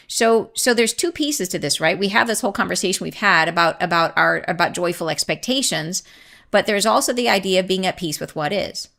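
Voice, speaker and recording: A woman with a lowish, gravelly voice talks briskly as host and channeler of a spiritual podcast, speaking casually to listeners. Chatty and excitable, she laughs often, rambles, and keeps drifting into tangents.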